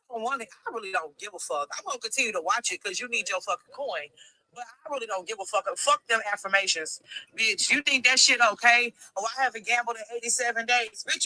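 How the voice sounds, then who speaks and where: A chatty woman hosting a livestream, blunt and full of profanity as she answers viewer comments. Her voice is bright and forceful. The sound is close and dry, with no room around it. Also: a little high, no room sound. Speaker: livestream host.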